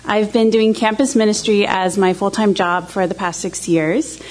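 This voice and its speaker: A woman speaks in a mid-pitched voice as she introduces herself to a church group. Her manner is casual and a little hesitant. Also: steady tone, normal speed, darkish tone. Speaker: campus minister introducing herself.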